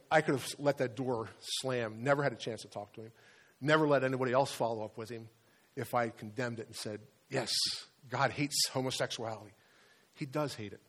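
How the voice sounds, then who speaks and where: Brief: male pastor, mid-pitched, earnest confessional sermon delivery, stumbles and restarts. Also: fairly bright tone. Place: church sanctuary.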